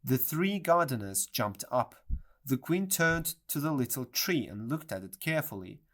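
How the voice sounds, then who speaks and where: Storybook reader, clear and measured, voice rises and falls a lot. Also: medium pitch, animated, fairly bright tone. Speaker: audiobook reader. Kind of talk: scripted storybook narration.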